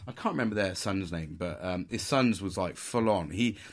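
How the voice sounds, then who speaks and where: A man's voice: low voice, normal speed. A man, telling stories casually and swearing a lot. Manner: swears a lot, puts on mock posh voices. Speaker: podcast host. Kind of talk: casual storytelling.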